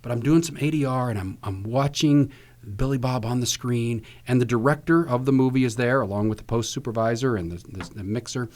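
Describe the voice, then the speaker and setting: A man's voice: medium pitch, a little fast. A man from Virginia, a podcast host and voice actor, telling anecdotes in casual chat and acting out the quotes he tells. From Virginia, US South. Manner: animated anecdote teller, acts out quotes.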